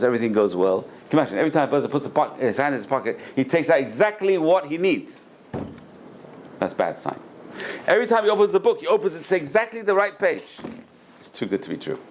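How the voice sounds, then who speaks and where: Male rabbi, gravelly voice, lively storytelling lecture, faint room hiss. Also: lowish voice. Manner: animated storyteller, repeats phrases, acts out quoted voices. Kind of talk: Torah class lecture with storytelling.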